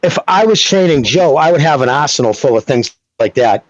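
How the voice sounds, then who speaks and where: A man's voice: on the high side, lively intonation, a little fast, no room sound. A man co-hosting a boxing podcast, talking in a loose, rambling way. He swears casually and keeps checking in with "you know what I mean". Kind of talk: casual chat, technical breakdown. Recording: dull lo-fi sound.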